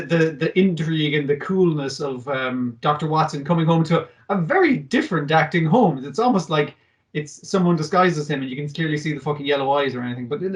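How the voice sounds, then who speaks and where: A man's voice: fairly high pitch, distant mic. A man co-hosting a podcast, recapping an anime episode in casual chat, swearing and acting out the characters' lines. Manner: sweary, animated, acts out quotes. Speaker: podcast co-host.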